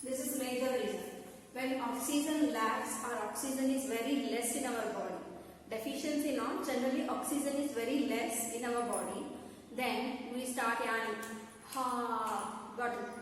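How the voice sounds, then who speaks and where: A woman's voice: on the high side, normal speed, slight background noise. A woman with a Telugu-influenced Indian English accent teaching a school science lesson, repeating points and checking whether students understood. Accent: Indian English, Telugu-speaking. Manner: repetitive, checks understanding with questions. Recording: echoey room from far off.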